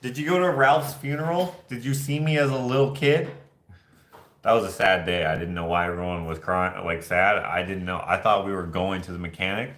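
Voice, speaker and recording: A man's voice: sits low, normal speed, roomy sound. A man hosting a casual livestream, telling rambling stories and acting out the voices of the people in them. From Canada. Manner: rambling animated storytelling, acts out voices. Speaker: host. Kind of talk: casual livestream chat, reading viewer comments.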